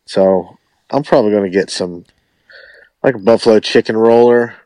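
A man, a musician guest on a podcast, chatting casually in a relaxed, rambling way with lots of hedging. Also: fairly low pitch, moderate pace, no room sound. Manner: relaxed, rambling, hedges a lot. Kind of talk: casual chat.

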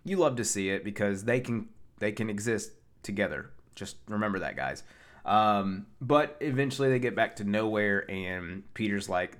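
A man's voice: lowish voice, moderate pace. A man recapping a film in a casual, rambling way, with many fillers and restarts. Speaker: pop culture reviewer.

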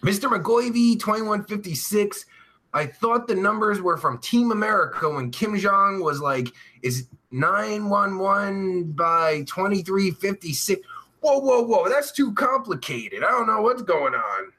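A man's voice: high voice, big pitch swings, normal speed, sharp tone, slightly rough. A man hosting a live-streamed show, reading out viewer comments in rambling, heavily profane casual chat with crude jokes. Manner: jokey and crude. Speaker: podcast host.

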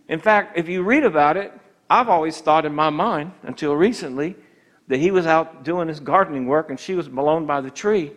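Emphatic male preacher, somewhat high voice. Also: fairly bright tone. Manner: emphatic, slows for key points, acts out voices of tempters. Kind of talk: sermon.

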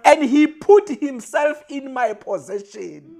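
A preacher delivering a sermon, repeating refrains and swinging from quiet lines to shouted peaks. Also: high-pitched, animated, takes it slowly, creaky.

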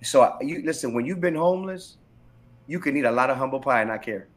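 A middle-aged man, a pastor, telling his personal testimony in a candid interview, animated and emphatic, often repeating phrases for weight. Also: mid-range voice, quick pace.

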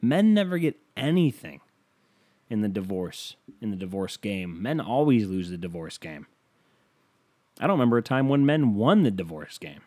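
A man's voice: lowish voice, very animated, moderate pace, darkish tone, no echo. A man hosting a casual solo podcast, ranting and joking with lots of swearing, his voice jumping up when he gets worked up. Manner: profane, riffing, self-amused, voice jumping up when worked up. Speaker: podcast host.

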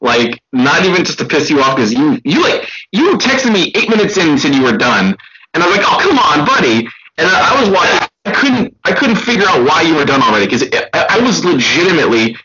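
A man's voice: a little high, a little fast, lo-fi sound, over a noisy crowd. A man joking animatedly while discussing a movie with a friend. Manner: animated, joking, calls his friend buddy. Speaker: movie review co-host. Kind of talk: casual chat.

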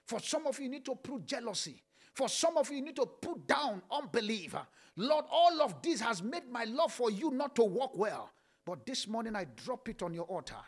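A man's voice: extremely high pitch, a bit bright. A man leading a fervent sermon prayer as pastor, repeating declarations with frequent "uh" fillers.

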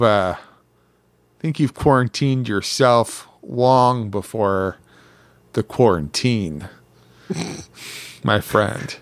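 Podcast co-host, man, slow-talking and teasing, dry close sound. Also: mid-range voice, dry recording. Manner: teasing, halting with many fillers. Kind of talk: casual podcast chat.

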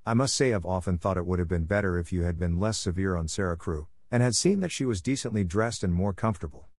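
A man's voice: sits low, fast talker, darkish tone, dry recording. A man reading aloud, voicing a timid spinster schoolmistress who breaks into hysterics, in a raised, pleading voice.

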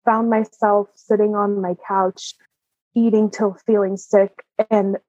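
A woman's voice: mid-range voice, level tone, takes it slowly, darkish tone, no room sound, dull audio. A woman guest candidly telling a personal story, open and emotional, often laughing. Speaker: interview guest.

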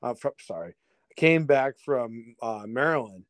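A man telling a story in a casual chat as a podcast guest, lively, acting out other people's lines and laughing often. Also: medium pitch, a little slow, no echo. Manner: animated storyteller, acts out voices, laughs often, swears.

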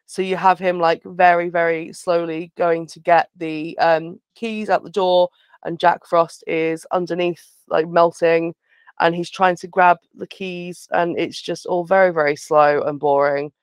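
This podcast co-host is a woman with a low, clear, resonant voice, speaking unhurriedly with fairly even intonation and no echo. Chatting casually and frankly, she walks through a film's plot and adds sarcastic remarks.

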